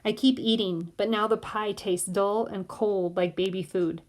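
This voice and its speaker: A woman reading a novel aloud in steady first-person narration. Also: medium pitch, a little slow. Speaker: audiobook reader.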